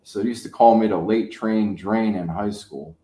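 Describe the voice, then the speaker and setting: A man's voice: fairly low pitch, moderate pace, dark tone. A man in his fifties hosting his channel, chatting casually and telling rambling anecdotes. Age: 50s. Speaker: channel host. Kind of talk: casual chat. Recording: echoey room.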